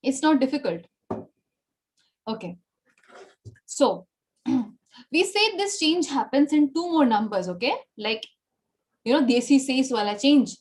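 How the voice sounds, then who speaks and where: A woman's voice: high voice, very animated, slow, long pauses, darkish tone. A woman teaching a Spanish language class online, explaining patiently and checking in with "okay?" and "right?" after nearly every sentence. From India.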